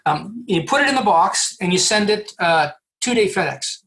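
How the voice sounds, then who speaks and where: A man from Canada, a recruiter guest on a podcast, telling animated stories with acted-out dialogue and frequent restarts. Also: high voice, normal speed. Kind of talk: storytelling interview answers.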